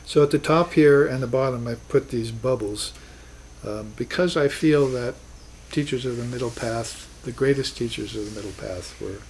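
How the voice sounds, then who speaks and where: Man, spiritual teacher, class lecture, middle pitch, earnest with emphatic bursts, faint hiss behind. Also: moderate pace, a little mellow, low-quality recording.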